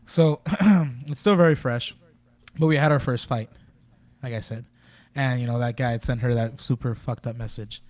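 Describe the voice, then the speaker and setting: A man's voice: mid-range voice, steady tone, normal speed, darkish tone. A young man talking casually on a podcast, telling a rambling, profane story full of fillers. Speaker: podcast guest. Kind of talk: casual chat.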